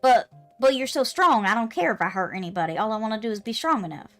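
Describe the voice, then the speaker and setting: A woman voicing an eager, hotheaded child who pleads excitedly to learn to fight. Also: on the high side, fast talker, faint music behind, natural voice.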